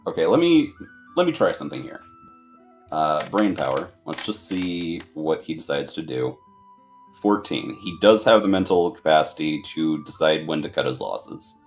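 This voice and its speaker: Low-voiced male player, deliberate and profane, casual table talk. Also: sing-song, soft background music. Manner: deliberate, swears freely.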